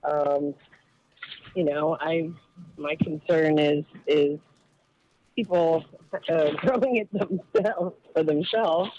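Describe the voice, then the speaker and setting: A woman's voice: low-pitched, steady tone, takes it slowly, long pauses, warm tone, slight background noise. A woman calls into a podcast from work and talks loosely, with many fillers and small laughs. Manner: hesitant, thinks aloud with many fillers and laughs. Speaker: caller, cannabis activist. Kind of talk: casual phone call into a podcast. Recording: dull phone-line sound.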